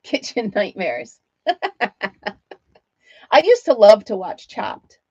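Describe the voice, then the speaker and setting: A woman's voice: mid-range voice, wildly swooping pitch, slow pace, darkish tone, husky, no echo, muffled recording. A woman hosting a casual livestream from home, chatting with viewers while she crochets and laughing often. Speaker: livestream host.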